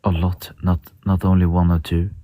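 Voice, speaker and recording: Low-voiced hesitant man from Djibouti. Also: little pitch movement, moderate pace, warm tone, dry recording, studio quality. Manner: patient, hesitant, many fillers and restarts. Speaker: guest on a live stream. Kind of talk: casual debate.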